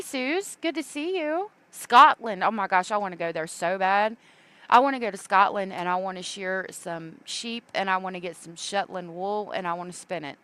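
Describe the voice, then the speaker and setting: Female stream host, casual and rambling, smooth lower-pitched voice. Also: pushed and bright. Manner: chatty, reads viewer comments aloud, many fillers. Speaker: true crime livestream host. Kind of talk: casual livestream commentary.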